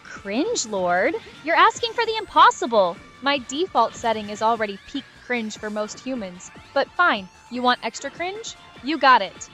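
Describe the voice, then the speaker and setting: A woman's voice: on the high side, sing-song, normal speed, hardly any pauses, bright, forceful tone, soft background music. A synthetic woman's voice chatting as an AI companion, sarcastic, witty and mock-exasperated. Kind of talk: sarcastic chatbot banter.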